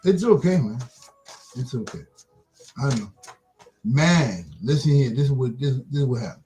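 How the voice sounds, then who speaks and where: A man hosting an online broadcast, delivering an impassioned religious monologue with rapid-fire rhetorical questions that taunt the listener. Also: mid-range voice, lively intonation, dark tone, soft background music.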